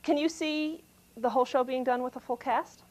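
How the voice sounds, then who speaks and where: A woman's voice: high voice, moderate pace, a little mellow, slight background noise, rough recording. A woman hosting an arts interview, asking direct, probing questions.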